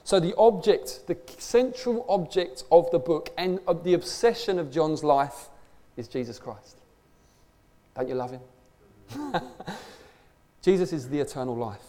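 A man's voice: on the high side, mellow. A man preaching a conversational sermon, emphatic and full of rhetorical questions. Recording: long hall reverb.

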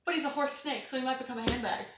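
Casting: woman, high voice, giggly skeptical co-host, echoey room. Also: very fast, a loud crowd. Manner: amused, laughing often, skeptical questions. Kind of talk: casual chat.

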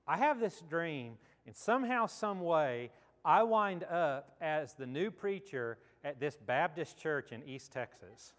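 In a church sanctuary, a male pastor tells a story during his sermon in a conversational, reflective manner. His voice is a little high and fairly bright, slow but with lively intonation, and the recording carries a long church-hall reverb.

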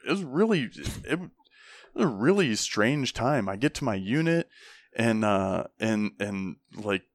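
A man's voice: on the low side, unhurried, no room sound. A young man, an army veteran, telling stories casually and acting out the people he quotes, with frequent swearing. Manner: animated, acts out the people he quotes, swears often. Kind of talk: casual storytelling.

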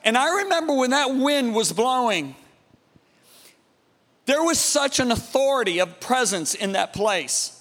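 A man preaching a sermon, telling a story dramatically and dropping to a hushed, awed tone. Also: very high-pitched, long reverb tail. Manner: dramatic, swings from loud emphasis to hushed awe.

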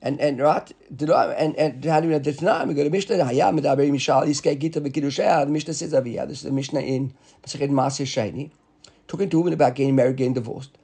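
A man teaching a Talmud class, explaining quickly and repeating words as he reasons aloud. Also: a little high, vocal fry, mellow, slightly rough.

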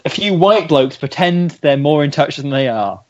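A man's voice: a little high, expressive, moderate pace, dull audio, slight background noise. A man co-hosting a podcast, joking and sarcastic in casual banter. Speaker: podcast co-host.

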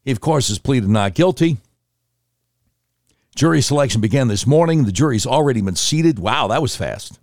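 Male host, mid pitch, dry close sound, conversational with wry asides. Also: expressive, moderate pace, darkish tone, no room sound. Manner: conversational, sarcastic asides, self-correcting. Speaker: commentary show host. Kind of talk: casual news commentary reading articles.

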